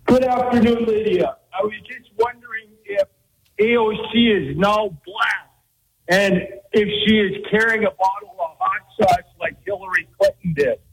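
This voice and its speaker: A male caller to a talk show with a high, bouncing voice and a gravelly texture. He speaks loudly and puts his questions slyly, with a mocking tilt. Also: sing-song, normal speed, rough recording.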